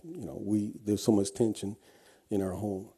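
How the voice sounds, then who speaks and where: A man's voice: on the low side, fairly even intonation, moderate pace, mellow, breathy edge. A man giving an earnest personal testimony, telling his story with frequent restarts. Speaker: guest speaker.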